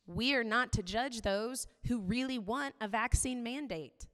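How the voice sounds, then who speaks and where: A woman's voice: fairly high pitch, a little slow, a bit bright. Woman preaching in a reverberant hall. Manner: conversational, candid, many "like" fillers. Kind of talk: sermon.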